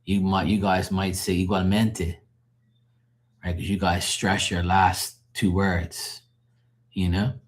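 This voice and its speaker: A man's voice: low voice, level tone, a little slow. A man hosting a live stream, chatting loosely with viewers, casual and explanatory, swearing now and then. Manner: loose, chatty, explaining language differences to chat; swears casually, laughs easily.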